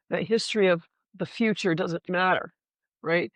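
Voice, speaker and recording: A woman Shakespeare scholar talking candidly in a relaxed lecture style, often checking in with "right?" and swearing casually. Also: on the low side, normal speed, no room sound. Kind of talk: conversational lecture with readings.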